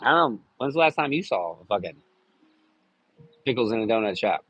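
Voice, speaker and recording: Husky, crude, rambling man on a stream. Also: fairly low pitch, lively intonation, brisk, a bit bright, no echo, poor audio. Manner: crude, rambling, jokey with frequent cursing. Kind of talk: casual live-stream chat.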